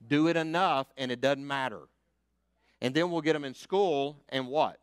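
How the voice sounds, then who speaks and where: An older man, preaching a sermon as pastor, emphatic and fiery, rising to loud declarations and dropping to hushed asides. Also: medium pitch, measured pace, pauses often, clean tone. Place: church sanctuary.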